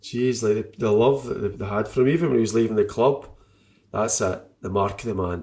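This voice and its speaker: A man's voice: fairly low pitch, brisk, a little mellow. A man in casual chat about football, emotional and rambling, often trailing off and restarting.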